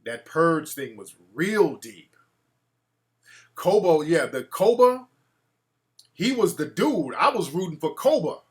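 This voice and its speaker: A man hosts a loose call-in show in a slightly high voice. He is brash and curses freely as he riffs on his chat and callers. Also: sing-song, slow pace, pauses often. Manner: brash, profane, reacts to live chat. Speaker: talk show host.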